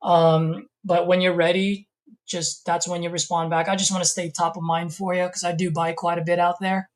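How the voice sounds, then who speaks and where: A man's voice: high voice, flat delivery, normal speed. A man on a live call session, talking to a seller in an easygoing, friendly way. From California. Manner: easygoing, friendly, casual phone patter. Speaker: host, real estate investor calling sellers.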